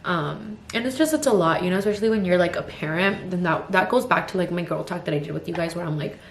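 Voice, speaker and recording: A woman with a fairly low voice talks fast over a little hiss or hum, venting about life as a mother of two toddlers. In her twenties, the vlogger rambles frankly while getting ready, using "like" and "you know" constantly, with roomy echo and faint ambience around her.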